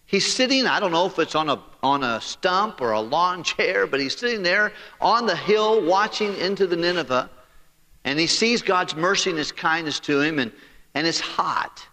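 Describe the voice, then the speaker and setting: Animated folksy man preaching in a hall. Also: high-pitched, moderate pace. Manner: animated, acts out the dialogue of the story; folksy and joking. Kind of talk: storytelling sermon.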